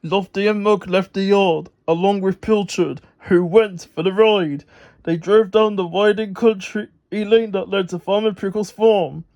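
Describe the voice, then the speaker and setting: A man reading a children's storybook aloud in an unhurried way, stumbling over a word now and then. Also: high voice, steady tone, a little mellow. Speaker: storybook reader.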